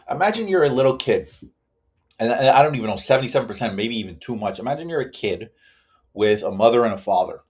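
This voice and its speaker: A man's voice: fairly low pitch, a little mellow. Blunt, profane man. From Canada. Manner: blunt and profane, keeps addressing viewers as guys. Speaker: reaction video host. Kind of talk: ranting commentary.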